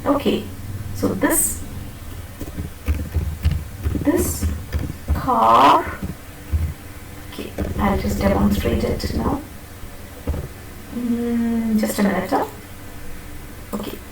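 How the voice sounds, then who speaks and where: A woman's voice: fairly high pitch, drawn-out words, creaky, pauses often, noisy background. A woman teaching pronunciation in a classroom lecture, patiently repeating and demonstrating words and checking that students follow. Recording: echoey classroom from a distant mic.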